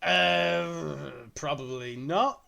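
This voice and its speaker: Guy with a slightly high voice, laid-back chatty podcast co-host, laughs a lot. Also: extremely slow, creaky, bright, forceful tone, a little hiss or hum. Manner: easygoing, chatty, laughs readily. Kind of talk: casual podcast chat.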